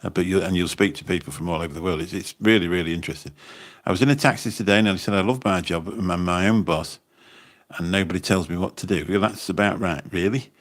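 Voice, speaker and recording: Man, very low voice, rambling livestream chat, repeats himself. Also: fast talker. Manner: rambling, chatty, repeats words. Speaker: livestream host and taxi driver. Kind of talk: casual livestream chat reading comments. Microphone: phone.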